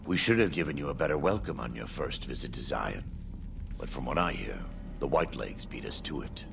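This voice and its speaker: A man voicing a grave warrior leader who speaks in a measured, solemn way, in video game dialogue. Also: rumbling low, expressive, creaky, distant mic, music in the background, full character voice.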